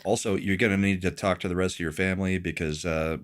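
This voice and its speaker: A man's voice: low voice, steady tone, fast. A man hosting a casual political show, blunt and teasing, with a wry edge.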